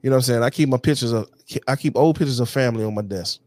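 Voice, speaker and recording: A man's voice: mid-range voice, very fast, darkish tone, dry recording. A man hosting his own show, talking casually and bluntly to camera with heavy profanity and a constant "you know what I'm saying". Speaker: podcast host.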